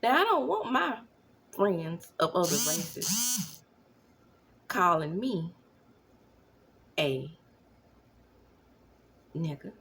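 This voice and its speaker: A woman in her thirties giving casual commentary at home, animated, now and then dropping into whispers. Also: on the low side, slight background noise. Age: 30s. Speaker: vlogger. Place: home, at night.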